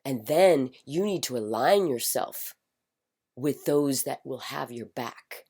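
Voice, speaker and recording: A middle-aged woman speaking in a passionate personal monologue, emphatic and repetitive, swinging from loud declarations to hushed whispers. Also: a bass voice, animated, slow pace, pauses often. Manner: fervent, repetitive chanting phrases. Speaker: spiritual commentator.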